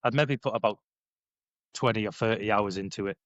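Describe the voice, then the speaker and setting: A man in his thirties, a former paratrooper, telling his story in a casual podcast interview, animated and acting out quoted dialogue. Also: lowish voice, fairly quick, dry recording, muffled recording. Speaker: podcast guest, former paratrooper and bare knuckle fighter. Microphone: headphones on, sitting at a podcast mic.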